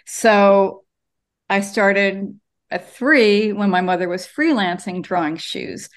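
A woman's voice: mid-range voice, slow. A woman cartoonist, a guest in an interview, telling her story with lots of ums over a video call from her home studio. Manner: animated storyteller, many ums.

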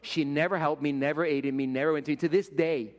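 A middle-aged man from Rico, preaching a sermon as pastor and telling stories, swinging from loud to hushed and repeating words. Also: fairly high pitch, steady tone, quick pace. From Puerto Rico. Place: church sanctuary. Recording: long reverb of a church hall.

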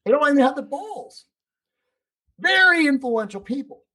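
A man's voice: very high-pitched, animated, moderate pace, sharp tone, poor audio. A man speaking as a podcast guest in casual conversation, emphatic and preachy, swearing freely.

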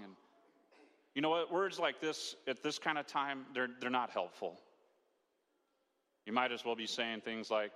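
A man's voice: fairly low pitch, moderate pace, sharp tone. A male pastor preaching a sermon in a conversational way, asking rhetorical questions and acting out quotes. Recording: long hall reverb.

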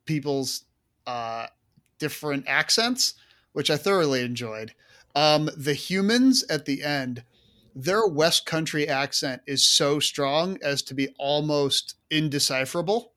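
A man co-hosting a casual podcast chat, animated and full of fillers and asides. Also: fairly high pitch, measured pace. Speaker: podcast co-host.

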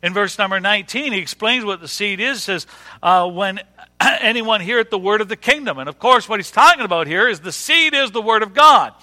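Middle-aged guy preaching, folksy and jokey, bright sharp tone. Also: high voice, expressive, fairly quick. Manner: folksy, repeats words, dry humor. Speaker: pastor. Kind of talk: sermon. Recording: long hall reverb.

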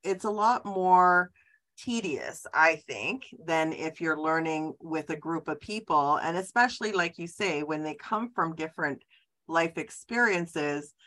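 A woman with a slightly low voice hosts a casual podcast interview. She talks conversationally, with plenty of "uh" fillers and self-corrections. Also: lively intonation, measured pace, fairly bright tone. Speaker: podcast host.

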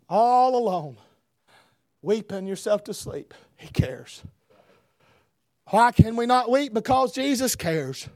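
A man preaching a revival sermon, swinging between shouted emphasis and hushed lines. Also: sits high, no echo, studio quality.

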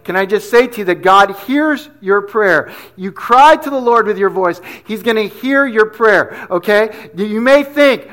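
A man with a notably high voice preaches a sermon to his congregation. He keeps it relaxed and conversational and drops in slang asides as he goes. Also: unhurried, few pauses. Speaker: pastor.

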